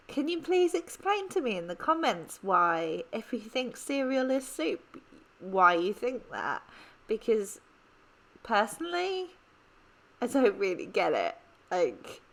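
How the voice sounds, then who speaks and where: A woman's voice: mid-range voice, big pitch swings, slow, creaky, fairly bright tone. A woman in her thirties from England with an English accent, chatting casually and rambling with many ums while she plans. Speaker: planner vlogger. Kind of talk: casual chat while planning.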